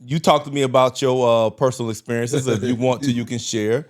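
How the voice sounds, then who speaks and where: A man co-hosts a casual podcast. He speaks at a middle pitch and guides the discussion in a measured, steady way. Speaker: podcast co-host. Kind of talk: casual conversation.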